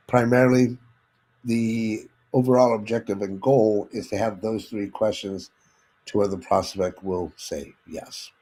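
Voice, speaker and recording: Male sales trainer, lowish voice, instructive delivery that demonstrates tones and checks in with listeners. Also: steady tone, slow pace, a little mellow, rough recording. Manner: instructive, addresses listeners directly with frequent "okay?"; demonstrates vocal tones and inflections while teaching.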